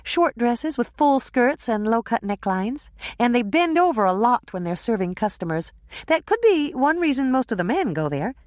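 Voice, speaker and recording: A chatty young woman full of news, her voice pitched high and bouncing with excitement, as a female narrator puts her on. She rattles off details eagerly, with a lively, swooping delivery. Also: normal speed, no room sound, studio quality. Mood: gossipy.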